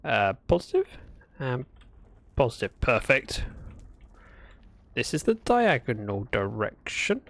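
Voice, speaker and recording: A man's voice: medium pitch, huge pitch swings, slow, creaky, long pauses, fairly bright tone, no room sound. A man chatting through a gameplay livestream, talking to himself and greeting viewers. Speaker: streamer. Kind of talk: casual gameplay livestream commentary.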